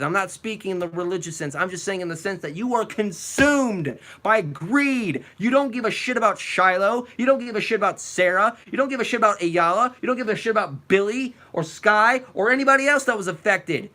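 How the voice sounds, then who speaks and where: A man hosting a reaction video, delivering an angry, profane rant at a clip, sometimes shouting. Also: sits high, expressive, a little fast, few pauses. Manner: furious and profane, at times shouting.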